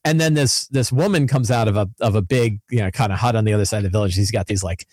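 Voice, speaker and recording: Man telling game stories in animated chat. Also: lowish voice, fast, no echo, studio quality. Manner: animated storytelling. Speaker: game master and podcast co-host. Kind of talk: casual chat.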